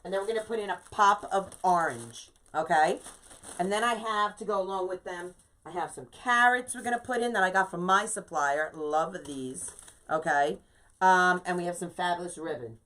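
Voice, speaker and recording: A woman's voice: fairly high pitch, fairly bright tone. A woman hosting a casual live-streamed wreath-making tutorial, chatting to viewers, greeting them by name and checking in with "okay?" from a home craft space. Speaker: craft livestream host.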